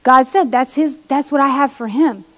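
Speaking at normal speed in a high-pitched voice, a woman who is a pastor's wife delivers a lively testimony sermon to a women's audience. She performs the quoted voices in her stories, and a long hall reverb fills the recording.

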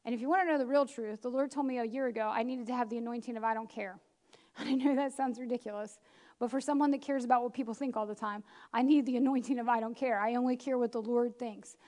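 A woman preacher giving a lively, chatty sermon with self-deprecating asides. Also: fairly high pitch, fast. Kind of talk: conversational sermon.

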